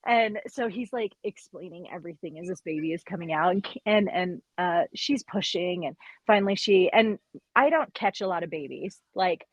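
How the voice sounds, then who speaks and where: A woman who works as a midwife, chatting on a podcast and telling stories in an animated way, acting out what people said. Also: fairly low pitch, normal speed, dry recording, rough recording. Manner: animated storyteller, quotes people in lively voices. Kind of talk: casual chat.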